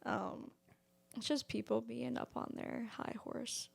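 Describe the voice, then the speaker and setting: Gravelly woman, chatty co-host. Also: a little high, steady tone, takes it slowly. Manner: chatty, many filler likes. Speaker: podcast co-host. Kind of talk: casual podcast chat.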